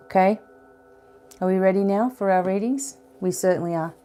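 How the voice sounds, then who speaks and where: A woman's voice: medium pitch, normal speed, mellow, soft background music. A woman giving a casual oracle card reading to her viewers, chatting, laughing at her own slips and reading card text aloud.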